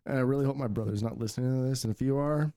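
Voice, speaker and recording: A man's voice: mid-range voice, rapid-fire, warm tone, dry recording. Man, podcast host, blunt and profane, casual storytelling, dry close sound. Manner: blunt, swearing, laughing storyteller.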